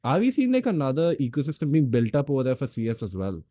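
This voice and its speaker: Guy hosting a podcast, mellow voice, dry close sound, long rambly questions. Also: mid-range voice, huge pitch swings, quick pace, no room sound. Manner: asks long winding questions. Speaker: podcast host. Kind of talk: casual podcast chat.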